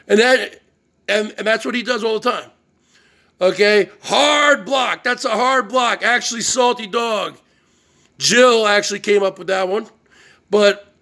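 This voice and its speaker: A man's voice: high-pitched, creaky, sharp tone. A middle-aged man hosting his own show, ranting in a boastful livestream monologue and often asking "okay?". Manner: boastful, repeats "okay?" and "I came up with that". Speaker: show host.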